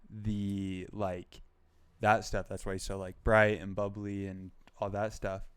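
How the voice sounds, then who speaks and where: A man's voice: fairly low pitch, flat delivery, measured pace, fairly bright tone, clear, resonant tone, no echo. A young man co-hosting a casual pop culture podcast, rambling with lots of "like" and "um". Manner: rambling, heavy use of "like" and "um". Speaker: podcast co-host.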